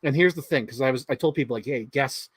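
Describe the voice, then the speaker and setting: A man hosting a livestream, chatting excitedly and rambling, swearing freely as he talks. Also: medium pitch, very fast, husky, no room sound. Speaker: livestream host. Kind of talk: casual chat.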